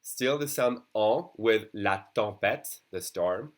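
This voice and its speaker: A young man from France with a French accent, teaching a beginner language lesson and patiently repeating words slowly for practice. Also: lowish voice.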